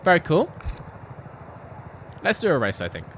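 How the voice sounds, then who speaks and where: Streaming a racing game at home on a headset mic, this young man chats casually in a rambling, self-deprecating way, giggling through asides. His voice sits a little high and swings hugely in pitch, moving at a measured pace with a somewhat bright tone. There's slight background noise.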